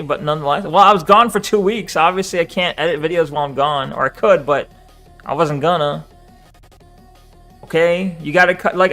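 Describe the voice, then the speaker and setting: A man's voice: on the high side, vocal fry, a bit bright. A man streaming live, reading viewers' chat aloud and answering it in a loose, swearing, chuckling way.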